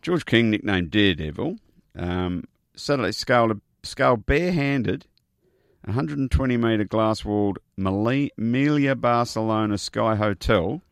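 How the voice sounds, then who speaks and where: A man's voice: fairly low pitch, expressive, unhurried, vocal fry, clear, resonant tone, dry recording, clean studio sound. A man, a co-host, telling news stories in a chatty, joking way. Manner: chatty storyteller, jokey asides. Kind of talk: casual chat.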